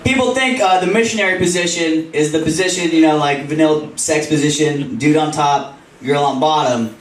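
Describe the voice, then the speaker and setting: A young comedian with a fairly high voice talks a little quickly through a crude, self-deprecating club set, laughing at his own punchlines. The distant mic captures a roomy space and a laughing crowd.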